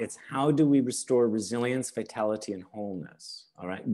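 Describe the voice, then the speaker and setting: A man giving a teaching webinar over a video call, unhurried, often checking in with "all right?" and "okay?". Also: lowish voice, warm tone. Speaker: webinar presenter.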